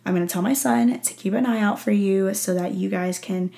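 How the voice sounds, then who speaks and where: A young woman podcast host telling a personal story in casual chat, talking warmly, laughing often and filling her talk with "like.". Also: mid-range voice, brisk, creaky. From Texas. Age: young adult. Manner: chatty, emotional, laughs often, many "like" fillers. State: teary-eyed. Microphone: audio-only recording.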